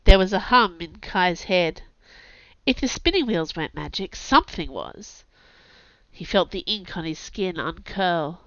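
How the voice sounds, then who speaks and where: A woman, an author and podcast host, narrating a story aloud in a lively, expressive way, on a dull lo-fi recording. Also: lowish voice, a little slow, no room sound. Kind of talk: scripted audiobook narration. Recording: dull lo-fi sound.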